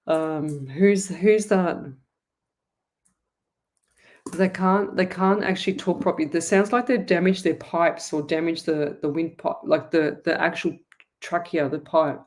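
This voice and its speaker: A woman with an Australian accent hosts a live online psychic reading show. Her voice sits a little low. She talks in a chatty, rambling way and speaks straight to her viewers. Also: fairly even intonation, normal speed, darkish tone. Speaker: psychic medium host.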